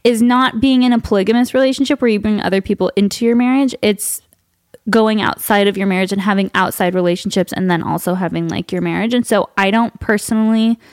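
A woman's voice: mid-range voice, quick pace, dry recording, studio quality. A woman hosting a podcast interview, talking openly and confessionally with many "like" fillers. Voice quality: frequent "like" fillers, open and confessional. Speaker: podcast host. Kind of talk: candid conversational interview.

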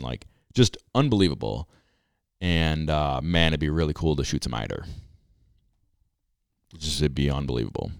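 A man's voice: a bass voice, smooth, dry recording, studio quality. A man co-hosting a podcast in easygoing casual chat, laughing as he talks. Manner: easygoing, laughs while talking. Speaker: podcast co-host.

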